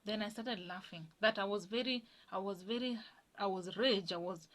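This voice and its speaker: A young woman shares her testimony in an earnest storytelling voice at a middle pitch. She talks with animation and quiets down almost to a hush when a moment touches her. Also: normal speed. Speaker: guest sharing a personal testimony.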